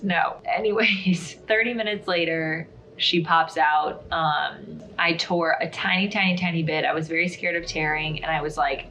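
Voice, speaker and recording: Chatty woman vlogger, slightly low voice. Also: steady tone, normal speed, fairly bright tone. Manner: chatty, full of "like" and "um", candid. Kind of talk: casual storytelling to camera.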